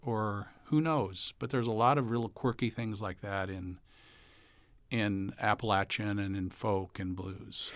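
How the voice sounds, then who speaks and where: A man's voice: on the low side, unhurried, no room sound. A man, a songwriter and musician, talking casually in an interview about how he wrote a song, now and then singing a line to show what he means. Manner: relaxed storyteller, breaks into song to illustrate. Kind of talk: casual interview talk with sung snippets.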